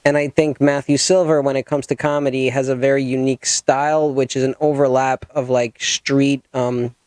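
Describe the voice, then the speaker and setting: A man's voice: mid-range voice, level tone, moderate pace, a little mellow, dry recording. A man hosting a podcast in a studio, chatting loosely and rambling, swearing freely. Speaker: podcast host. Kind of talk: casual chat.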